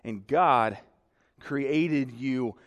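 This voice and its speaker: A man's voice: medium pitch, very slow, dull audio. A young man preaching a sermon to a congregation, earnest and emotional. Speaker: pastor. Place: church sanctuary. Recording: reverberant hall.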